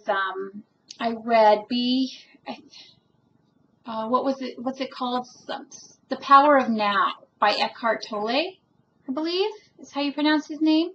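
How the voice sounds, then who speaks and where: In a dull, lo-fi home recording with slight background noise, a woman with a slightly high voice vlogs about her spiritual journey. Her reflective personal monologue is earnest and rambling, full of ums and restarts, and she describes herself as emotional, showing it openly.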